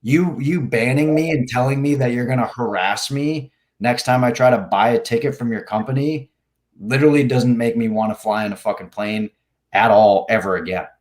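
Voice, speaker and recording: New man, podcast guest, rambling profane storyteller, mid-pitched voice. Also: normal speed, darkish tone. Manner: rambling, heavy swearing, many "like" fillers, acts out quotes.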